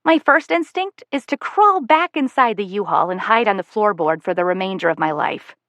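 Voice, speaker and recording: A woman's voice: medium pitch, animated, normal speed, a bit bright, no echo. A woman reading a novel aloud in the first person, wry, self-aware and conversational. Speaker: audiobook narrator.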